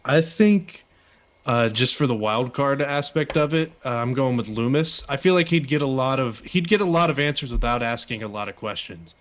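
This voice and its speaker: A man's voice: medium pitch, expressive, moderate pace. Jokey man chatting on a podcast. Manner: jokey, laughs often. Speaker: co-host of a wrestling review show. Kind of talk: casual podcast chat.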